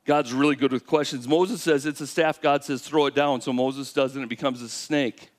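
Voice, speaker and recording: Preaching at an ordinary pace, this man speaks at a medium pitch and brings the sermon to life by voicing God and Moses himself. Along the way he keeps asking the congregation questions.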